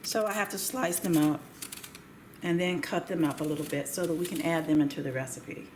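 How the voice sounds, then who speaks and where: A woman hosting a cooking show, speaking gently and without hurry while she prepares food in a kitchen. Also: low voice, reverberant, slight background noise. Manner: gentle, unhurried, talks while working. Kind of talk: cooking demonstration with calm chat. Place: home kitchen.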